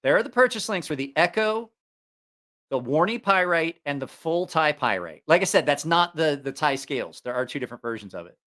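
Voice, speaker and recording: A man's voice: fairly high pitch, big pitch swings, fairly quick, fairly bright tone. A man with a slight Southeast Ohio accent hosting a casual livestream, rambling and correcting himself as he talks. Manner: rambling, self-correcting, chatty. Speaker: knife reviewer and channel host. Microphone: headphones on, studio mic.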